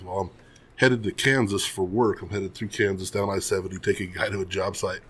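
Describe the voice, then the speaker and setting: A man's voice: low voice, steady tone, normal speed, a bit bright, a little hiss or hum. A man co-hosting a podcast, telling a dry, self-mocking anecdote in casual chat. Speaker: podcast co-host.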